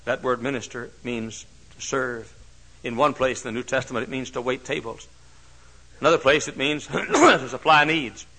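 A pastor preaching a sermon, moving from hushed storytelling to loud, shouted climaxes. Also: male voice, medium pitch, animated, normal speed, husky, rough recording.

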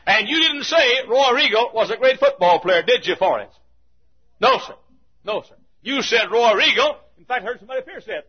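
A man preaching a sermon full of stories, swinging between shouted points and hushed asides, chuckling as he goes. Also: extremely high pitch, animated, normal speed, breathy edge. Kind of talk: sermon with storytelling. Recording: dull lo-fi recording.

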